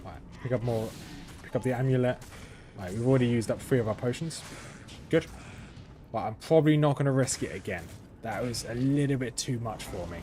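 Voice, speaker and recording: A young man talks his way through a live game stream, chatty and thinking aloud, full of ums and false starts. His voice sits at an ordinary middle pitch. A steady background noise runs clearly under the recording. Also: brisk. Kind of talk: live gameplay commentary.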